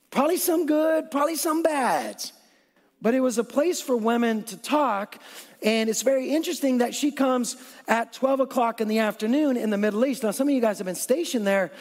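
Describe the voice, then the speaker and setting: A man's voice: very high voice, in a large hall. A man preaching a conversational sermon, acting out what people in the story say. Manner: conversational, animated, acts out quotes. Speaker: pastor.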